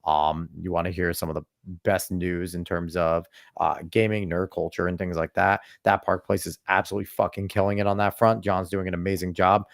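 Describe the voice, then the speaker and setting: A man's voice: sits low, little pitch movement, brisk, gravelly, hardly any pauses, dry recording, clean studio sound. A man hosting a podcast, ranting emphatically and swearing freely in casual political chat. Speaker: podcast host.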